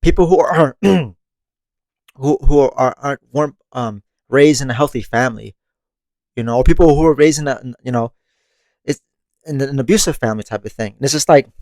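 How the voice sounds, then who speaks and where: His medium-pitched voice is a little mellow, moving at a moderate pace in a dry recording. On his monthly meditation podcast, he reflects on growth in a laid-back, conversational manner, often laughing and swearing casually.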